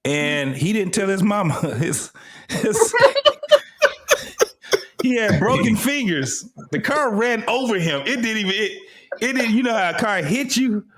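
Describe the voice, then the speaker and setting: Lively laughing man telling stories. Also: high-pitched, unhurried. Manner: animated, laughs often while telling stories. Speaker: podcast co-host. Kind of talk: casual storytelling chat.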